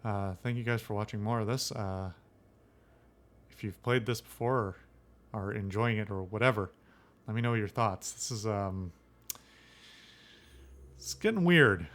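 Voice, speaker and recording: A man's voice: lowish voice, steady tone, normal speed. Opinionated man commenting on a game. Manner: opinionated, rambling with fillers. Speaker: let's play host.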